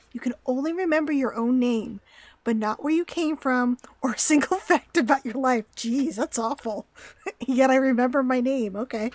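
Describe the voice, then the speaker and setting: A woman's voice: high voice, no echo. A woman streaming a game playthrough, reading the on-screen text aloud with playful, laughing asides.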